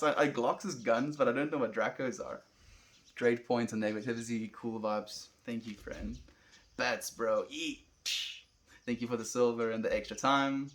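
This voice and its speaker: A man's voice: mid-range voice, moderate pace. Laid-back South African man chatting. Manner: calm, laid-back, calls viewers friend. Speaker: livestreamer reading chat. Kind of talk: relaxed livestream chat.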